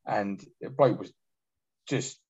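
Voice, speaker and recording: An army veteran telling blunt, sweary stories in a casual chat. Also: male voice, lowish voice, slow pace, a little mellow, slightly rough, poor audio. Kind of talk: casual podcast storytelling.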